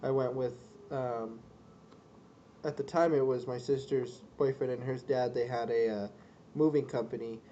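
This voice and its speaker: A man's voice: mid-range voice, steady tone, moderate pace, warm tone. A man co-hosting a casual chat, talking hesitantly with lots of ums and likes. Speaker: podcast co-host. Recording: dull lo-fi sound with faint noise.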